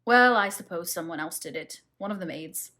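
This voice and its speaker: A woman's voice: fairly low pitch, expressive, sharp tone. A woman reading as a brusque, impatient husband. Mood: brisk. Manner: curt, brisk and exasperated.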